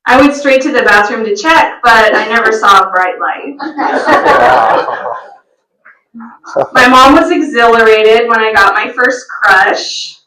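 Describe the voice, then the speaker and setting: A woman performing stand-up comedy at a live event, telling stories in a slow, storytelling delivery. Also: fairly high pitch, sharp tone. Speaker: stand-up comic. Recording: roomy venue sound from a distant mic.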